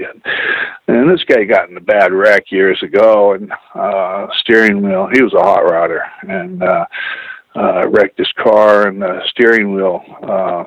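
A man's voice: lowish voice, steady tone, normal speed, no room sound. Man, casual rambling storyteller, salty language, dry close sound, muffled lo-fi radio. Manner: rambling and profane, heavy use of "you know". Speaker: guest telling personal stories.

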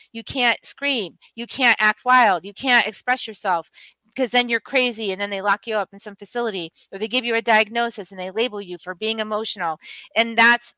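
A middle-aged woman speaks as a guest, passionate and rousing, hammering points home by repeating words. Her voice is bright and forceful with a fairly high pitch, recorded dry with no room around it. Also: no room sound, poor audio. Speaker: guest, medicine woman and mentor. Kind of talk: passionate storytelling in conversation.

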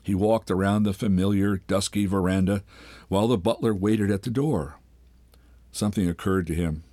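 An older man, reading a short story aloud in a measured, unhurried way. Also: sits low, steady tone, warm tone, no room sound. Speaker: host and reader. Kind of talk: literary reading.

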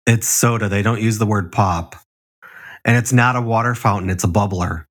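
Giggly, foul-mouthed man with a husky voice. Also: lowish voice, normal speed, a bit bright. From Chicago area. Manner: giggly, swears freely, storytelling. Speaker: podcast co-host. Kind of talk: casual crude banter.

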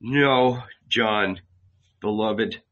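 A solemn male spiritual teacher speaks with grave, slow intensity, read by a man. The voice is bright and clear, and the audiobook recording is dull and lo-fi. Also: on the low side.

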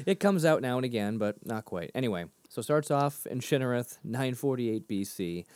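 This podcast co-host, a man in his thirties from around Boston, has a lowish, darkish voice with lively intonation, captured in a dry, studio-quality recording. His casual chat wanders, he's self-deprecating, and he's quick to crack up at his own humor.

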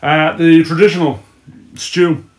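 A man's voice: on the high side, little pitch movement, a little slow. A man co-hosting a podcast, joking and swearing in casual banter with friends. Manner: joking, sweary, laughs easily. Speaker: podcast co-host.

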